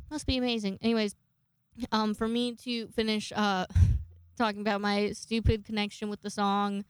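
A woman's voice: mid-range voice, little pitch movement, normal speed, smooth, no room sound. A young woman hosting a casual show, telling rambling stories with lots of swearing and self-mockery. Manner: rambling, profane, self-mocking. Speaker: podcast host. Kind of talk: casual storytelling chat.

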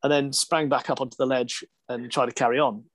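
A man, a broadcaster and interview guest, tells a story in a lively, self-deprecating way and laughs often. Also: mid-range voice, brisk.

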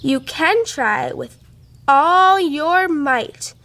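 A woman's voice: sits high, expressive, a bit bright, slight background noise, exaggerated voice. A woman doing a grumpy old great-grandpa. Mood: grumbling. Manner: slow, grumbling. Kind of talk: storybook read-aloud.

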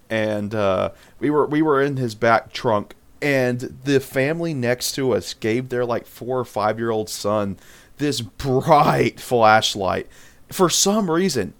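Chatty man co-hosting a podcast. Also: mid-range voice. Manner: animated, rambling, laughs easily. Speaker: podcast co-host. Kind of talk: casual chat.

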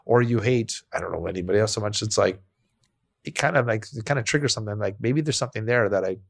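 A man's voice: fairly low pitch, fast talker, vocal fry. A man co-hosting a podcast, talking in a loose, rambling way with many restarts and quoted voices. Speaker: podcast co-host. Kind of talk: casual chat.

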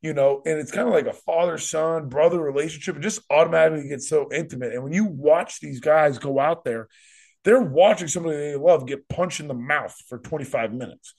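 A man's voice: on the high side, fairly quick, gravelly, a little mellow. A man hosting a podcast, rambling emphatically and repeating himself in casual chat. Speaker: podcast host.

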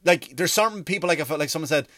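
A man's voice: fairly high pitch, lively intonation, fast talker, fairly bright tone, dry recording. A man doing a rambling, sarcastic comedy rant, full of swearing.

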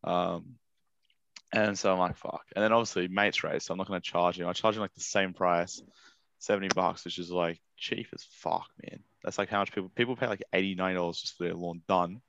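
A man's voice: low-pitched, fairly even intonation, fairly quick, gravelly, fairly bright tone, no room sound, dull audio. A young man with an Australian accent, chatting casually on a podcast and telling a story in a laid-back, slangy, swearing way. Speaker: podcast co-host. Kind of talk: casual chat.

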